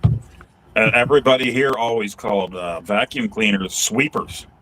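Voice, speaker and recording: A man's voice: fairly low pitch, a little slow, background noise. A man co-hosting a casual livestream chat, telling easygoing anecdotes. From Pittsburgh area, Pennsylvania.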